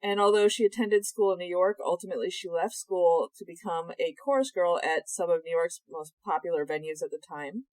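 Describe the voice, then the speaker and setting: A young woman with a slightly low voice co-hosts a casual podcast chat, animated and sarcastic, swearing freely. Her voice sits dry and close to the mic. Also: fairly quick, hardly any pauses, dry recording, poor audio. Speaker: podcast co-host.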